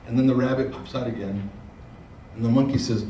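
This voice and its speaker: A man speaking at a conference, telling a story and using fillers and repeated words in a relaxed way. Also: medium pitch, a little fast, slight background noise. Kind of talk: keynote talk with storytelling. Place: large conference room. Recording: echoey room, speaker far from mic.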